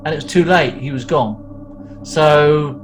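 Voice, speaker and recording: A man's voice: a little high, slow pace, poor audio. A man hosting a casual podcast chat, rambling through details with plenty of fillers. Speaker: podcast host. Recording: audible background noise.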